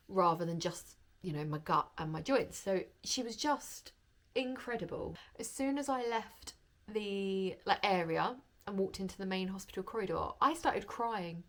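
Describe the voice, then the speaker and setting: A young woman talking to camera in a chatty vlog, open and emotional, gushing as she shares a personal story. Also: on the low side. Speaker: vlogger.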